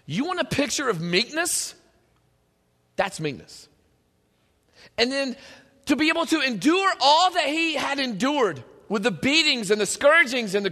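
A man preaching a sermon, animated and joking, at times building up to shouting. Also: high-pitched. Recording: long hall reverb.

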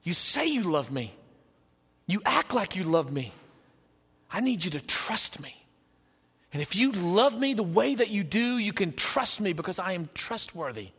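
A man voicing God as a patient, pleading father, speaking softly and coaxingly in a sermon. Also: high voice, very animated, a little slow, husky, big-room sound, heavily acted. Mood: pleading gently. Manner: soft, hushed, coaxing.

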